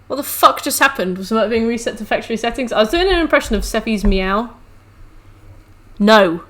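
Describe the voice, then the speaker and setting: A woman's voice: a little high, animated, moderate pace, pauses often, fairly bright tone. A woman streaming a game from home on a headset mic, chatting with her viewers and fussing at her cats. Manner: chatty, talks to chat and scolds her cats between game remarks. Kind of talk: casual live-stream chat while gaming.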